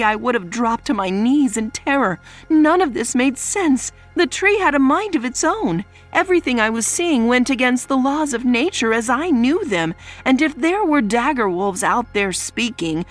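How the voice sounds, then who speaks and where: A woman narrating a first-person dark fantasy audiobook in a tense, dramatic storytelling manner. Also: medium pitch.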